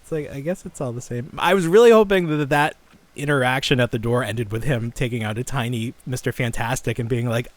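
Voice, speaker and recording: A man hosting a podcast, reacting with quick comments and laughing asides in casual chat. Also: medium pitch. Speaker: podcast host.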